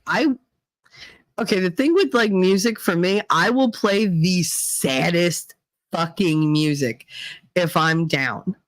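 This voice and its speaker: A woman's voice: on the low side, no echo, rough recording. A middle-aged woman hosting a casual livestream, chatting with viewers by name and swearing freely. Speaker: livestream host reading chat. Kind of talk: casual chat.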